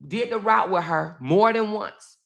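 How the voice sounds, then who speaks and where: A middle-aged woman tells a family story straight to her viewers. Her voice carries a gravelly edge, and she leans into points by repeating herself. She calls her audience y'all like old friends. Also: mid-range voice, a little slow, fairly bright tone. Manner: emphatic, repeats phrases, addresses viewers as y'all. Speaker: vlog host.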